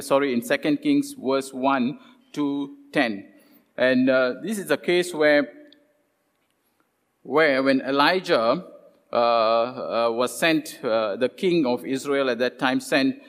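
A man preaching a sermon, retelling scripture stories with lively quoted voices and many "uh" fillers. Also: medium pitch. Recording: long hall reverb.

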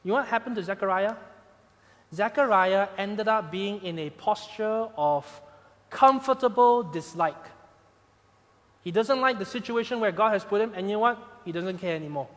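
A man preaching a sermon as pastor, swinging between loud emphatic points and quiet, soft passages. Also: high-pitched, normal speed. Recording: long hall reverb.

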